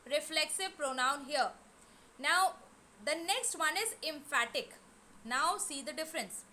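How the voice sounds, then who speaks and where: A woman teaching a grammar lesson, explaining slowly and repeating key words. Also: sits high, animated, bright, forceful tone, a little hiss or hum. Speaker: English teacher. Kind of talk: online class lesson.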